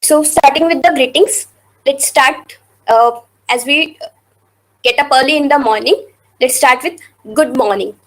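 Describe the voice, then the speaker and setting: Woman, Indian English accent, high voice, patient online teacher repeating words for students. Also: rough recording. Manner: slow, careful pronunciation with repeated words. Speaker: language teacher. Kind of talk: online teaching over screen share.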